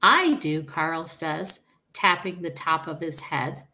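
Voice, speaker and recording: Slow, patient woman teacher. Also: deep voice, steady tone, pushed and bright. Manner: patient, explanatory, slow and deliberate. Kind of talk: recorded reading lesson.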